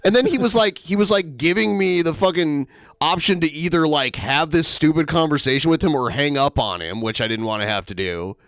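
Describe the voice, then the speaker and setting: A man's voice: fairly high pitch, a little fast, a bit bright, clean tone, no echo, studio quality. A man co-hosting a podcast in casual banter, defensive and exasperated, swearing often. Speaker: co-host.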